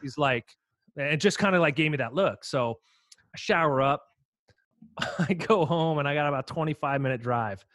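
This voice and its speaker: Man telling a lively pitching story. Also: normal speed, pauses often, no echo, clean studio sound. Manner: animated anecdote teller, quotes others. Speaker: former pitcher, podcast co-host. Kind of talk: casual storytelling chat.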